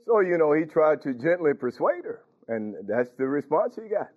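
Preacher guy, kinda high voice, keeps asking the church do y'all hear me. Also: expressive, a little fast. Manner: conversational, questioning the congregation, chuckling. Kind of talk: sermon. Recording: tinny phone-like recording.

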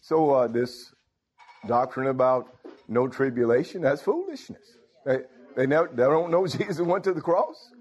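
A man preaching a sermon, firing rhetorical questions and swinging from low murmurs to loud exclamations, with chuckles between phrases. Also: expressive, moderate pace, slightly rough, lo-fi sound.

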